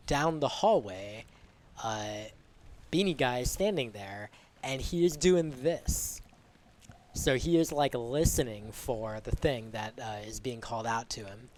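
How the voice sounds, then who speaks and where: A man with a medium-pitched voice streams a game live, thinking out loud in a relaxed, unhurried way as he figures things out.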